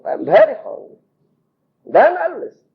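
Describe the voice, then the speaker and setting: A man's voice: very high-pitched, sing-song, a little fast, pitched above the performer's own voice. A man with an Indian English accent voicing the god Krishna as a hungry, insistent young figure who calls out and begs for food, on a muffled tape. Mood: pleading, hungry. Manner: shouting, begging eagerly.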